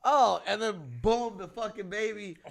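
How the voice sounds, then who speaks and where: A man's voice: high-pitched, moderate pace, vocal fry. A man and father, co-hosting a podcast, telling profane stories over drinks and acting out the people in them. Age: adult with kids. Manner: profane, animated, acts out quotes in raised voices. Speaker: podcast co-host. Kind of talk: casual storytelling over drinks.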